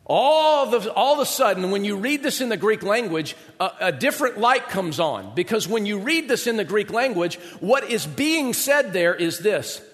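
A man with a notably high voice preaches a sermon, talking to the congregation in a chatty, conversational way and often asking rhetorical questions. His voice rings out with a long reverb, as in a large hall. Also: a bit bright. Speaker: pastor.

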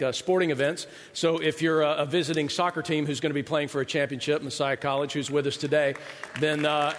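A middle-aged man, the pastor, giving a sermon in a large church hall, telling conversational stories with self-deprecating humor. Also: a little high. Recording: long reverb of a large hall.

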